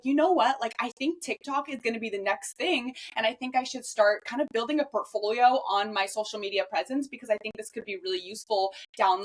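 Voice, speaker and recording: A woman in her twenties hosting a podcast, talking fast and swearing freely in a casual monologue. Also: a little high, a bit bright. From Los Angeles, US. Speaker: podcast host.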